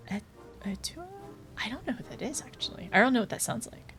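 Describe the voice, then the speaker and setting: A woman's voice: medium pitch, lively intonation, moderate pace, pauses often, soft background music. A young woman streaming a game, chatting casually with her viewers in a bubbly, giggly way. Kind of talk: casual live-stream gameplay chat.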